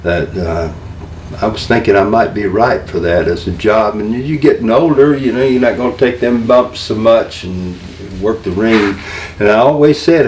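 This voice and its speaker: An older man, a wrestling manager, telling stories in an interview, halting and rambling and acting out the voices of the people he quotes. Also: fairly low pitch, expressive, a little mellow. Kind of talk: storytelling interview. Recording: roomy room, mic a little far, faint noise.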